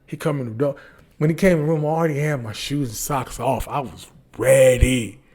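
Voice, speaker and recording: Man, comedian, casual storytelling, animated, profane, repeats punchlines, medium pitch. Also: fairly quick, breathy edge. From Detroit.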